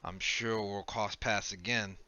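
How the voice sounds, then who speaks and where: A man voicing a sly mystery figure who speaks into a character's mind, low, slow and silky. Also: fairly even intonation, pushed and bright, lo-fi sound.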